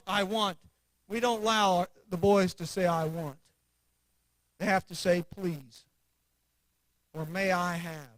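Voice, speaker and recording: A man's voice: high voice, fairly bright tone, no room sound, low-quality recording. A man teaching an adult church class, earnestly repeating declarations with conviction before leading a prayer.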